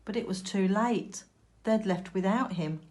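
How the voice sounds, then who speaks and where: A woman teacher reading a picture book aloud to young children, slow, clear and expressive. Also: medium pitch.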